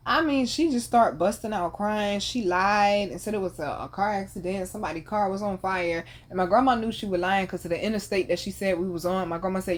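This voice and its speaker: A woman's voice: medium pitch, brisk. A woman in her thirties hosting a podcast, telling a family story in casual, profane slang and laughing often. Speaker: podcast host.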